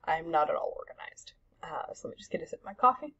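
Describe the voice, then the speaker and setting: A woman's voice: lowish voice, very animated, quick pace, fairly bright tone, whispered, lo-fi sound. A young woman chatting casually about her cross-stitch projects at home, rambling with lots of ums and self-deprecating asides. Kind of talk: casual show-and-tell chat.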